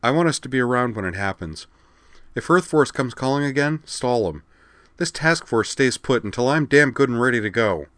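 A man voicing a brash, confident woman admiral giving brisk commands. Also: mid-range voice, animated, a bit bright, dry recording, voice pushed up, natural voice. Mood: cocky commanding.

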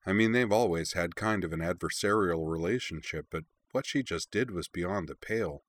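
A man voicing a kind young man who speaks quietly with a wry, gentle tone. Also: low-pitched, normal speed.

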